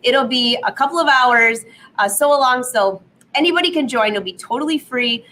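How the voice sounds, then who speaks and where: A woman hosts a casual live sewing stream from her studio at home. Her voice sits a bit high and is slightly hoarse from a cold, and her talk is chatty and upbeat, with laughs at her own jokes. A faint hum of noise runs underneath. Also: normal speed, bright, forceful tone, rough recording. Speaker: sewing vlog host.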